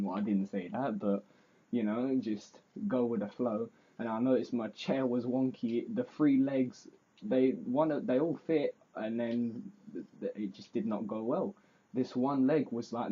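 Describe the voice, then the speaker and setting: A teenage boy tells a meandering, self-deprecating story to camera. His voice is mellow and a little husky. The recording sounds dull and lo-fi. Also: mid-range voice, measured pace. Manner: rambling, self-mocking, fillers like basically. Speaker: vlogger. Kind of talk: casual storytelling vlog.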